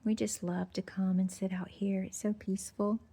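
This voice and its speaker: A woman's voice: medium pitch, little pitch movement, moderate pace, mellow, slightly rough. A woman giving a chatty, gushing tour of her decorated porch, full of fillers and sweet little remarks. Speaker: home decor vlogger. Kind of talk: casual porch tour narration. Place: outdoor porch.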